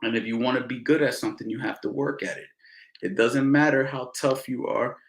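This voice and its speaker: A middle-aged man, a boxing coach, telling stories in a casual Q&A, animated and slangy, repeating phrases for emphasis. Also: medium pitch, a little fast, slight background noise. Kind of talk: casual Q&A storytelling. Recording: roomy echo.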